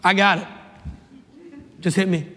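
Man, high-pitched, fervent sermon, repeats himself, loud to hushed, echoing large hall. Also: little pitch movement, a little slow. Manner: impassioned, repeats phrases, swings from shouting to hushed. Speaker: preacher. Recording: long reverb of a large hall.

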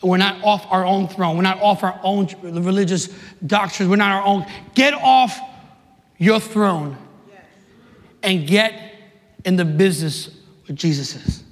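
Man preacher with a very high voice, impassioned and repetitive, sermon delivery with sudden shouts, long hall reverb. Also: measured pace, pauses often. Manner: impassioned, repeats phrases, swings from shouting to hushed.

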